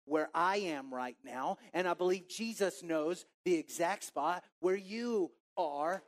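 Texas preacher guy in his 40s, pretty high voice, tells his story all animated, acts out his own head voice. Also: slow. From Texas, USA. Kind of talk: storytelling sermon.

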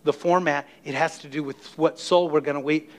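A middle-aged man preaching a sermon as pastor of his church, emphatic and energetic, calling on the congregation to respond. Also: a little high, fairly quick. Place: church sanctuary.

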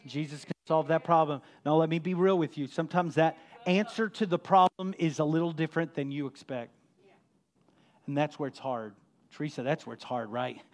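A middle-aged man delivers a sermon as a pastor, his voice sitting a little high for a man. He preaches with passion, building to loud, emphatic peaks and then sinking to a low, soft tone. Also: brisk.

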